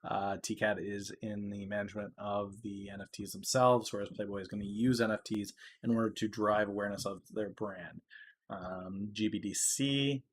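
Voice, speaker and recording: A man with a slightly low-pitched voice talks through the stock market on a podcast. He is loose and chatty, fills his talk with "uh" and "um," and gets louder when something excites him. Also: moderate pace, husky. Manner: loose and talky, many "uh"s, turns loud when excited. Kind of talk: casual market commentary.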